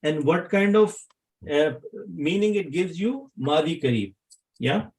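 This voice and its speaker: Higher-voiced man teaching a class. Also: lively intonation, a little slow, darkish tone, poor audio. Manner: checks in with students, asks questions. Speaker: Arabic grammar teacher. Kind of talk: classroom lesson with students.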